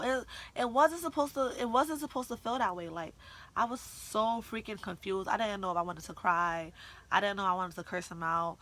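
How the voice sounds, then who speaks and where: A young woman telling a story in a casual vlog, animated, slangy and full of swearing. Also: mid-range voice, moderate pace. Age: young adult. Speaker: vlogger.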